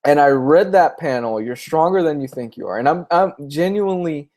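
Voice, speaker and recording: A man's voice: fairly high pitch, animated, brisk, hardly any pauses, a little mellow. A young man chatting casually on a livestream about comics, speaking openly and emotionally. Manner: candid, emotional, tearing up at times. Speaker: comic book vlogger.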